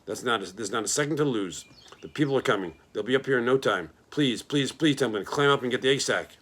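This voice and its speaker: A man's voice: fast, fairly bright tone, lightly acted. A man voicing an anxious, earnest young male pig who pleads in a raised voice. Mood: pleading. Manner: high, pleading, emotional outbursts.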